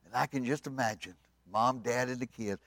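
A man preaching at a revival, telling the story dramatically and swinging from loud to hushed. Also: mid-range voice, normal speed, no echo. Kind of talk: sermon.

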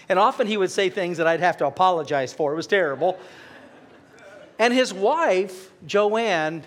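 Man, middle-aged, pastor, sermon, high voice, earnest storytelling, fervent emphasis. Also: expressive, normal speed.

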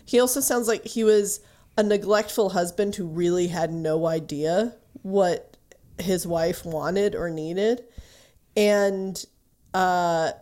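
Podcast co-host, woman, lower pitch, casual rambling book talk. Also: darkish tone. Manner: chatty, lots of fillers and laughs.

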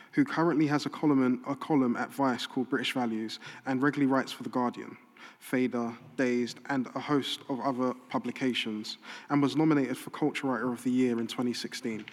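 A man of middle pitch reads out speaker introductions at a live event, formal and steady, item by item. Long hall reverb follows his words. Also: fairly quick. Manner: formal, list-like delivery. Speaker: event host. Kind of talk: reading a scripted introduction.

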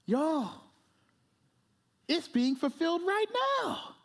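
A man's voice: very high voice, sing-song, a little slow, a bit bright. A man pastor preaching a sermon in a church service, emphatic and conversational, who repeats phrases and keeps asking "right?".

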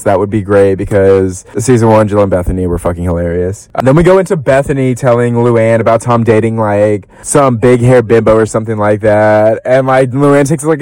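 A young man hosting a podcast, chatting about reality TV in a casual, animated way, full of fillers and swearing, with high-pitched bursts when he quotes people. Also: clean tone, no echo, rough recording. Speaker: podcast host. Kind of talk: casual gossip commentary.

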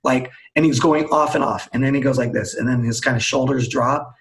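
A man, a team storytelling coach, telling a lively anecdote as a guest in a webcast interview, acting out the dialogue as he goes. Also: medium pitch, fairly quick, creaky, a little hiss or hum, poor audio. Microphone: video call.

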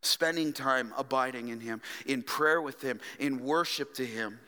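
A male pastor preaching a sermon earnestly, moving from hushed whispers to fervent exhortation. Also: mid-range voice, moderate pace, few pauses, clear, resonant tone. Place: church sanctuary. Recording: reverberant church hall.

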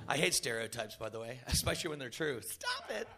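A man doing stand-up, then belting a comic song, boisterous and shouting at times. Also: medium pitch, sing-song, quick pace. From Scotland, raised in Canada. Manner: boisterous, shouting and singing with guitar. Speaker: stand-up comedian and singer. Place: festival stage. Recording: live music over the voice.

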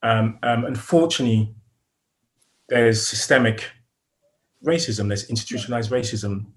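An earnest, middle-aged British man is a guest on a podcast, telling reflective stories in a relaxed interview. His voice sits at a plain medium pitch and moves at a moderate pace. He repeats words and restarts phrases while gathering his thoughts, chuckling lightly and often.

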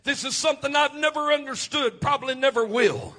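A man's voice: very high voice, fairly quick, sharp tone. A man preaching a Pentecostal sermon, chanting his phrases with "uh" breaths between them.

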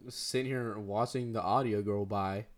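A man's voice: on the low side, fairly even intonation, moderate pace. A teenage boy co-hosting a podcast, chatting casually with a friend, slangy and rambling, laughing often. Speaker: podcast co-host. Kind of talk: casual chat between friends.

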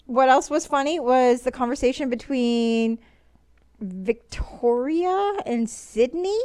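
Brief: high-pitched woman co-host, giggly, rambles through stories. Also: animated, takes it slowly, a little mellow. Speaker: podcast co-host. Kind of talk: casual chat.

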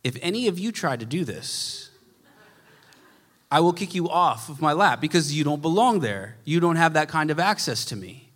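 A man's voice: fairly high pitch, sing-song, moderate pace, a bit bright. A man preaching a sermon as a pastor, telling a story earnestly, his volume swelling and dropping. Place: church. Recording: echoey church hall.

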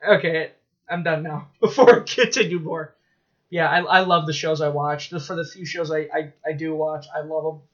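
A man in casual chat as a podcast co-host, telling stories in an excitable, rambling way with swearing and laughs. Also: fairly high pitch, normal speed, highs cut off.

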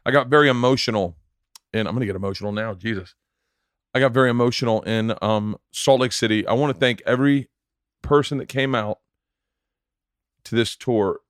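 A man's voice: mid-range voice, fairly quick, long pauses, no echo, studio quality. A man hosting a casual podcast, talking in an earnest, rambling way and repeating himself. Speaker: podcast host and touring comedian.

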